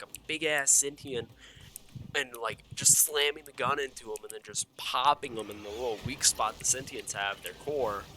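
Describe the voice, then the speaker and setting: A young man rambling excitedly about a video game, swearing a lot and stumbling over fillers and self-corrections. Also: medium pitch. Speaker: gaming video creator. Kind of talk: excited, rambling gaming commentary.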